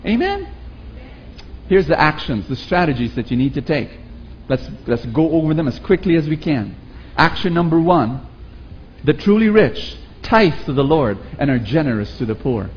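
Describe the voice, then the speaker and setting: A man preaching a sermon with a Filipino accent, animated and calling on the audience to repeat after him. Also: on the high side, normal speed, husky, lo-fi sound. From Philippines. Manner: animated, acts out quoted voices, calls for audience response.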